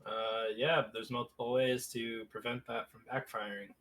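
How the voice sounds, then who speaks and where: A man's voice: mid-range voice, little pitch movement, normal speed, fairly bright tone, rough recording. A man playing in a tabletop game, laid-back and joking in casual chat with friends. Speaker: player.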